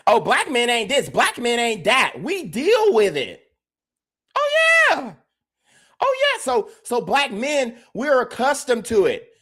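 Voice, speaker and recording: A man's voice: extremely high pitch, huge pitch swings, takes it slowly, bright, forceful tone. Male podcast host, emphatic repetitive ranting to his live chat. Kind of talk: livestream commentary rant.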